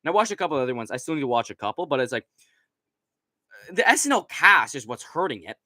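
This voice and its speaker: Quick, very animated and a little high, this young host's voice comes across pushed and bright with no echo. Sitting at his computer with a desk mic directly in front, he rambles through a casual late-night stream, swearing and using lots of fillers.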